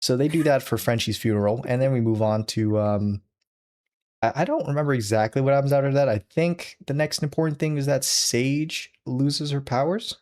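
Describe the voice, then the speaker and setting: Deadpan trolling podcast co-host, a man. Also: medium pitch, normal speed. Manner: deadpan, mock-serious, trolling his co-host. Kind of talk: casual chat.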